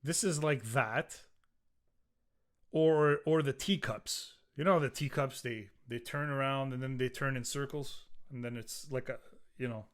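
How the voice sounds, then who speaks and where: A man's voice: mid-range voice, a little slow. A middle-aged man hosting a solo podcast, ranting in a profane, rambling way with frequent restarts. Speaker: podcast host.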